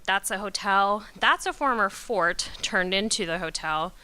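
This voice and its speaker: A woman's voice: mid-range voice, a little slow, sharp tone, smooth. A young woman from Curaçao giving a casual, self-deprecating slide talk, chatty and full of ums and asides. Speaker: presenter at a company talk.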